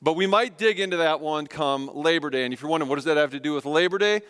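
A man's voice: on the high side, fast talker, a bit bright, smooth. A man in his thirties preaching a sermon, telling a self-deprecating story and acting out the voices of his family. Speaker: pastor. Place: church sanctuary. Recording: long reverb of a church hall.

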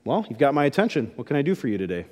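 A man voicing a calm, kindly older president in a spoken story. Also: mid-range voice, very fast, in a large hall, pitched below the performer's own voice, natural voice. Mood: gentle.

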